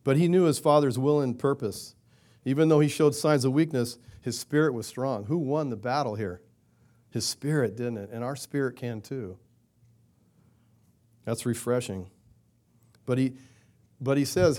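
A man preaching a sermon in a conversational way, asking rhetorical questions and acting out quoted prayers in a louder, higher voice. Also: fairly even intonation, moderate pace, long pauses. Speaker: pastor.

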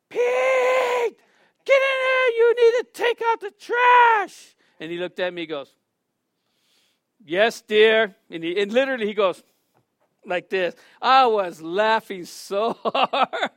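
A middle-aged man preaching a sermon as pastor, telling stories with lively acted-out quotes and laughter. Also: fairly high pitch, dry recording, clean studio sound. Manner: animated storytelling, acts out quotes with shouts and laughs.

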